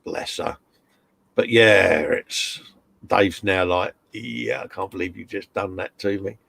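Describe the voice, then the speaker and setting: A man's voice: deep voice, fairly even intonation, takes it slowly, gravelly, a bit bright, slight background noise. A man hosting a casual live stream, reading out chat messages and greeting viewers with a laugh. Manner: chatty, reads chat messages aloud, laughs often.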